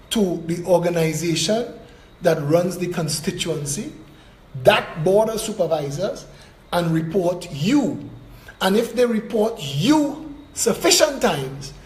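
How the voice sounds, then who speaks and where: A man's voice: high voice, a little mellow, echoey room. A man giving an emphatic campaign speech as a political candidate. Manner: emphatic, declamatory, rising and dropping with emphasis.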